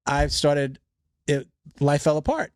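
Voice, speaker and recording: A man's voice: a little high, lively intonation, darkish tone, dry recording, clean studio sound. A man telling a long personal story in casual podcast talk, swearing freely and acting out the voices of the people he quotes. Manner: fast, profane storyteller who acts out quoted voices. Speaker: podcast guest.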